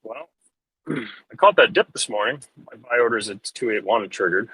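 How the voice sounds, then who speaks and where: Husky-voiced man hosting a casual stream. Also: fairly low pitch, expressive, moderate pace, fairly bright tone, rough recording. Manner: joking, chatty, wry asides. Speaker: crypto trading stream host. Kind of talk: casual live-stream chat. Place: inside a pharmacy store.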